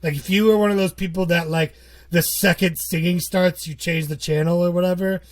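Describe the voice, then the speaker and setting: A man's voice: high-pitched, fairly even intonation, fairly quick. A man co-hosting a podcast, chatting casually, rambling and joking with frequent laughs. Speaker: podcast co-host. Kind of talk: casual chat.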